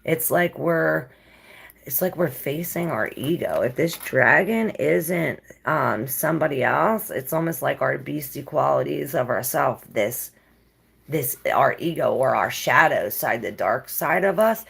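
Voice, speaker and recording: A woman's voice: low voice, expressive, a little slow, gravelly, husky. A woman giving a casual tarot reading, musing and rambling in a dreamy way with many fillers. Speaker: tarot reader.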